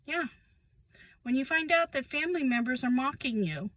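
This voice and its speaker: A woman's voice: high-pitched, lively intonation, normal speed, fairly bright tone, no room sound, low-quality recording. A woman, speaking in a casual, emphatic monologue about her own life and repeating phrases for weight. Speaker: vlogger sharing personal experience.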